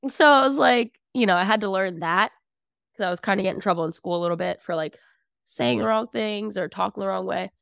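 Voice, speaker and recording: A young woman talking casually as a podcast guest, outspoken and animated, telling stories with lots of fillers. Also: mid-range voice, a little fast, gravelly, dry recording, clean studio sound. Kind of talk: casual conversation.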